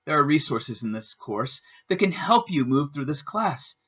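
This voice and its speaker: A man giving a scripted instructional narration as a student presenter, with a careful, deliberate teaching delivery. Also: fairly high pitch, big pitch swings, fairly bright tone, husky. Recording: dull lo-fi voice-over.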